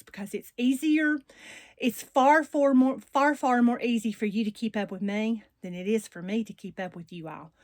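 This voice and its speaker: A woman's voice: on the high side, no room sound, clean studio sound. Chatty Southern woman with a country drawl. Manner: chatty and rambling, warm Southern slang. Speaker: doll channel host. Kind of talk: casual chat to viewers.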